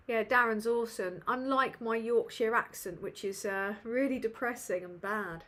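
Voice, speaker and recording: A woman's voice: a little high, fairly even intonation, normal speed, few pauses, fairly bright tone. A woman from England, hosting a live Q&A in a sweary, self-mocking, rambling way. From northern England. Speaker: livestream host. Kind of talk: casual live Q&A chat.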